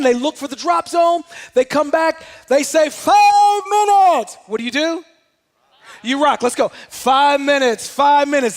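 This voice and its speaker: A man giving a motivational talk, telling a personal story in an animated way. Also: very high-pitched, long reverb tail. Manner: animated storyteller, shouts out quoted commands. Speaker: motivational speaker.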